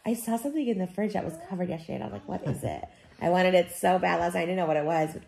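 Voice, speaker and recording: A woman's voice: fairly low pitch, very fast, gravelly, mellow. A woman filming a family vlog, gushing and giggling in baby talk to her infant. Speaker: vlogger parent. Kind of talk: casual family vlog chat.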